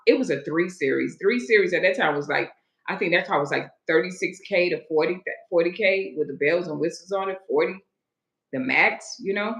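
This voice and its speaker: A woman's voice: fairly low pitch, animated, normal speed, fairly bright tone. Chatty woman stylist in an echoey room. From Florida. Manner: chatty, digressive, greets viewers mid-story. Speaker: hairstylist hosting a live stream. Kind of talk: casual storytelling to a live audience.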